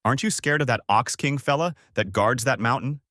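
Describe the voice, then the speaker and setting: A man's voice: mid-range voice, brisk, pushed and bright, dry recording, clean studio sound, natural voice. A male narrator voicing a grumbling, cowardly shapeshifting pig in a fan story, with a whiny, pleading delivery.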